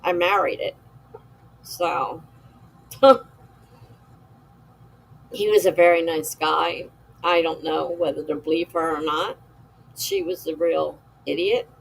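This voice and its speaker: A woman's voice: sits low, steady tone, slow pace, vocal fry, long pauses, breathy edge, rough recording. A woman hosting a writer's live stream, chatting candidly and gossipily, laughing often. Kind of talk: casual live-stream chat reading viewer comments.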